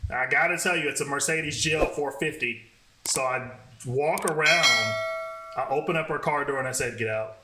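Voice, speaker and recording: Cussing dude ranting about a bad date, kinda high voice, echoey room. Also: male voice, heavy background noise. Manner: profane, animated, fast talking. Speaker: storyteller. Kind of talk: casual storytelling vlog. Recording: roomy echo.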